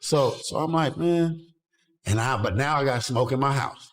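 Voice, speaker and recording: A man casually telling a story as a podcast guest, animated and acting out the lines he quotes. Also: medium pitch, fairly quick.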